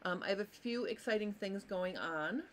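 A woman's voice: medium pitch, moderate pace, slight background noise. A woman with hiccups hosting a casual live sewing lesson, chatty and apologetic, greeting viewers by name. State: has hiccups. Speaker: sewing teacher and live stream host.

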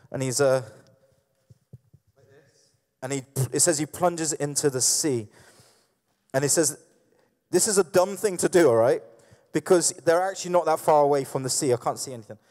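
A man's voice: on the high side, moderate pace, pauses often, darkish tone. A man preaching a sermon in a church hall, in a conversational way, with many fillers and restarts, acting out the scenes he describes. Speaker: pastor. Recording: echoey hall reverb.

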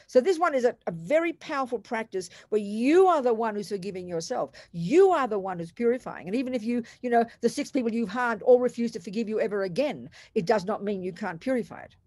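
An older woman with an Australian accent, a Buddhist nun giving an animated, emphatic dharma talk to a class in blunt, colloquial words. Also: a little high, brisk, few pauses, dry recording, studio quality.

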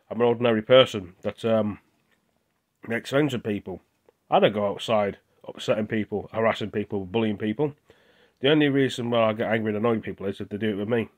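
A young British man talking with his mouth full, venting in a rambling, indignant casual vlog. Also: fairly low pitch. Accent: British English. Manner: rambling and indignant, with restarts and repeated words. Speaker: vlogger.

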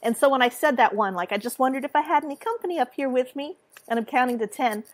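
A woman guest author with a sing-song way of talking, telling a story in an animated, chatty way. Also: sits high, quick pace. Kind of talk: casual chat.

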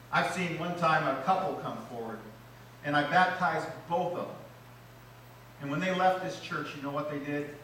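A man, a pastor, preaching a sermon in a church, swinging between loud, rising lines and low, quiet emphasis. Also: a little hiss or hum. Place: church sanctuary. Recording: echoey church hall, mic at a distance.

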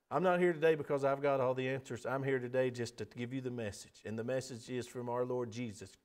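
A middle-aged man preaching a sermon, earnest, building to emphatic appeals and dropping to soft pleas. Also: medium pitch, fairly even intonation, fairly quick, hardly any pauses.

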